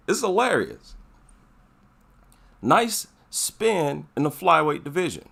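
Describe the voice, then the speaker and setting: A man's voice: a little high, very animated, takes it slowly, gravelly, pauses often, fairly bright tone, slightly rough. A man giving casual, emphatic commentary, repeating his points for effect. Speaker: MMA commentary vlogger.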